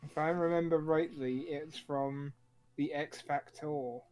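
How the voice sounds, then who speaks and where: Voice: mid-range voice, fairly even intonation, measured pace, a little mellow, faint music behind. A laid-back co-host chatting casually on a stream, laughing often. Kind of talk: casual chat.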